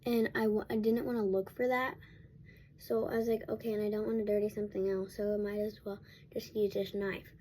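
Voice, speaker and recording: A woman's voice: medium pitch, flat delivery, a little fast, dark tone, a little hiss or hum. A young woman vlogger telling a casual storytime at home while getting ready, rambling with many restarts and fillers.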